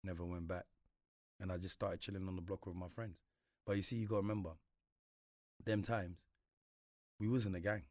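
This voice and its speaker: A man's voice: low voice, a little fast, long pauses, no echo, studio quality. Slangy London man telling a story. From Congo. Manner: London slang, animated retelling with voiced quotes. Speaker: guest. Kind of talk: casual storytelling interview.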